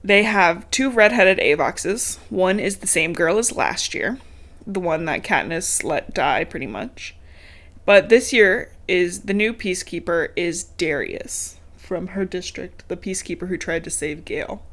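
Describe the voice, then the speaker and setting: A woman's voice: on the low side, animated, measured pace, a bit bright. Woman doing a casual book recap podcast, chatty, swears a lot, laughs between bits. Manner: chatty, swears, laughs often, lots of likes. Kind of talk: casual chat. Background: a dog heard now and then.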